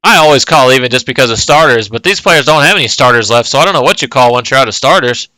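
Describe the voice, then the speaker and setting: Bright, crisp-voiced male game commentator. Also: medium pitch, animated, fast talker, no echo, poor audio. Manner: casual, play-by-play calling of moves. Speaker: tournament commentator.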